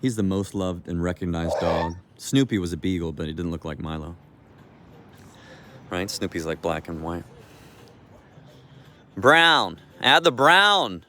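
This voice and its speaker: Low-voiced man rambling on a walk. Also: steady tone, normal speed, a little mellow, a little hiss or hum. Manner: loose, meandering talk with restarts. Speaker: vlogger. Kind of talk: rambling walk-and-talk vlog. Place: outdoors on a walk with his dog.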